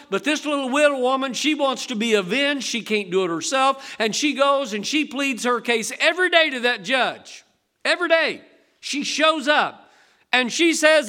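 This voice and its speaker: A pastor, an older man with a very high-pitched, pushed, bright voice, preaches a sermon in a folksy, conversational way while asking the congregation rhetorical questions.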